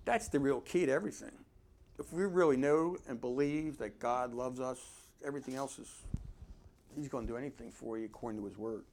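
A man's voice: medium pitch, fairly quick, darkish tone, a little hiss or hum. A man giving informal Bible teaching, talking conversationally and reading verses aloud with emphasis. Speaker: preacher.

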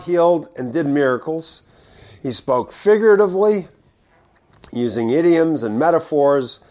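Male preacher, mid-range voice, conversational verse-by-verse teaching with swings between emphatic and hushed delivery. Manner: reads scripture aloud then explains it conversationally; shifts between loud emphatic stress and low quiet asides.

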